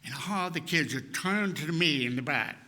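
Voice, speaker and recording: A man's voice: fairly high pitch, moderate pace, noisy background. A man in his sixties preaching a sermon as a humorous personal story, acting out the people he quotes. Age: 60s. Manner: lively storyteller who acts out the people he quotes. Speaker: guest speaker.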